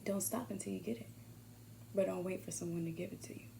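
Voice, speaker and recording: A woman giving a casual motivational monologue, swearing freely and swinging from hushed whispers to loud bursts. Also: on the low side, steady tone, fast, creaky, background noise. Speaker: motivational vlogger.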